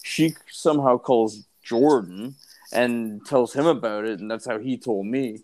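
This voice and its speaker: A man, drunk and high, telling a story in a laid-back, swearing way in casual podcast chat. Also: unhurried, darkish tone. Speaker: podcast co-host.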